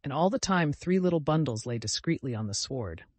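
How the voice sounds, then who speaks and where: A man narrating a classic novel as an audiobook, reading in an expressive storytelling manner. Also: a little high, fairly quick, dry recording. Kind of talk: scripted narration.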